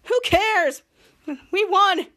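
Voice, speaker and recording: A woman's voice: very high voice, drawn-out words, pushed and bright, voice pushed up, full character voice. A woman quoting a brash teenage boy from a sitcom in a cocky, boastful way. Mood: smug.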